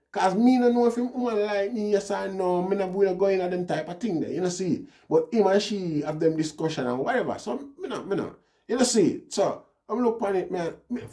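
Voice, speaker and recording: A man's voice: sits high, dark tone. A man with a Jamaican accent telling a personal story in a casual, rambling monologue, often dropping in "you know, see". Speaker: vlogger.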